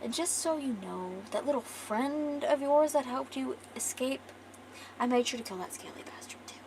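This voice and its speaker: A woman voicing a cruel male villain who taunts and gloats, sometimes sinking to a menacing hush. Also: medium pitch, moderate pace, gravelly, far from the mic, a little hiss or hum, lightly acted. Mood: gloating.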